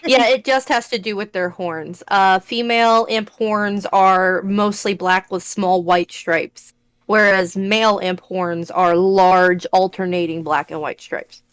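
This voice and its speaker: A woman in casual group chat on a voice call, playful and quick to giggle. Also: mid-range voice, steady tone, fairly bright tone, clear, resonant tone, no echo. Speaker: stream co-host.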